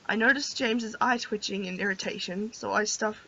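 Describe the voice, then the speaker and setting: A woman's voice: a little high, fairly quick, vocal fry, few pauses, pushed and bright, slightly rough. A woman reading a visual novel's narration aloud and chatting about it, giggly and chatty between the lines. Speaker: gamer, host. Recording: dull lo-fi audio.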